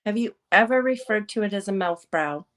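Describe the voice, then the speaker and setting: A woman at a middle pitch hosts a relaxed podcast chat. She teases her guest in a playful way and laughs easily. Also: fairly quick. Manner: playful, teasing, laughs often. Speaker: podcast host. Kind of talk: casual chat.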